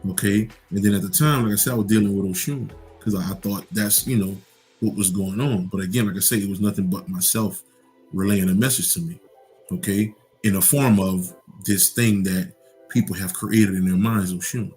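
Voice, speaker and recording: A man's voice: fairly low pitch, steady tone, moderate pace, a little mellow, soft background music. A man giving a casual, rambling spiritual monologue, profane and full of restarts. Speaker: host.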